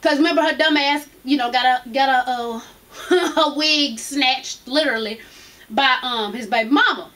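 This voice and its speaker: A woman's voice: high voice, normal speed, bright, forceful tone. A young woman recapping reality TV in a brash, profane, gossipy way, laughing often. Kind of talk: casual gossip review.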